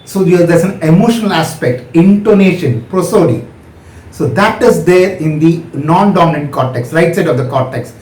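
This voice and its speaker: A man's voice: on the high side, moderate pace, hardly any pauses, a little mellow, echoey room, poor audio. Indian-accented man giving a medical lecture. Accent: Indian English.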